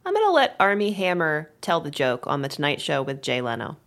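A woman's voice: deep voice, wildly swooping pitch, brisk, fairly bright tone. Upbeat, laughing woman podcast co-host. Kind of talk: casual podcast chat.

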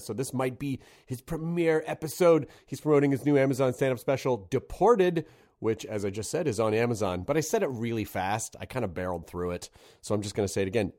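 A man hosting a comedy podcast at an ordinary middle pitch. He talks in a loose, rambling way, often correcting himself mid-sentence and breaking into laughter. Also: a little mellow. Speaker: podcast host. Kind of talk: casual podcast chat.

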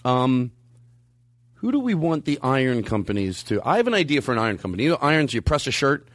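A man hosting a podcast in casual chat, rambling and animated, jumping his voice up high when he quotes people. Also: quick pace, dry recording. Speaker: podcast host. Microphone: studio mic.

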